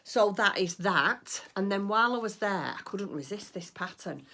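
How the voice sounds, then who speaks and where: A woman's voice: medium pitch, expressive, normal speed, pushed and bright. A middle-aged woman chatting casually about her crafting at home, rambling and gushing with delight. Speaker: crafting vlogger. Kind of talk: casual chat.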